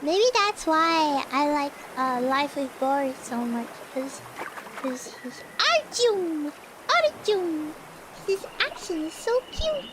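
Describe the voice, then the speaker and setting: A woman chats casually on stream in a very high, squeaky voice, taking her time over every phrase. She rambles playfully, leans on "you know" and "like", and coughs now and then. A steady hiss of noise sits under her home microphone. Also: takes it slowly. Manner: coughs often between phrases. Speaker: virtual streamer. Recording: clear background noise.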